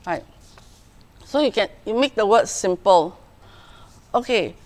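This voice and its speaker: A woman's voice: medium pitch, lively intonation, measured pace, a little mellow. Woman, Singaporean English accent, middle-aged, school principal, virtual parenting talk, keeps checking in with "okay", video-call audio. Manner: frequent "okay" and "right" check-ins, acts out parent voices.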